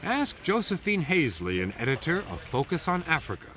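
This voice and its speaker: A man narrating a television news feature in a measured, expressive scripted read with wry asides. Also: fairly high pitch, a little hiss or hum.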